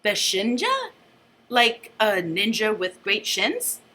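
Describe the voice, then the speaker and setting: A woman's voice: medium pitch, wildly swooping pitch, takes it slowly, bright, forceful tone, a little hiss or hum, full character voice. A woman reading aloud voices a tall teenage boy who gives short, plain, literal replies. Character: tall immigrant teen boy, blunt, literal.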